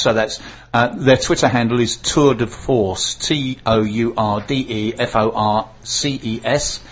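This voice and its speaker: A man's voice: mid-range voice, husky, lo-fi sound. A man hosting a casual local radio talk show, reading out notices with frequent fillers. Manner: chatty, reads notices aloud with fillers and stumbles.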